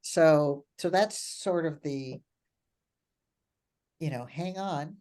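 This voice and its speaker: An older woman speaking as a coach and mentor in a reflective conversation, animated, often laughing and repeating phrases for emphasis. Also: sits low, drawn-out words.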